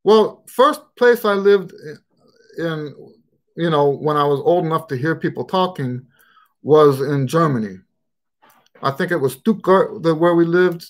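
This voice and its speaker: A man's voice: on the high side, a little slow, long pauses. An American man with a mixed, shifting regional accent, hosting a trumpet Q&A live stream in a rambling, casual way with many fillers. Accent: mixed American, Texan and Western Pennsylvania touches. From United States.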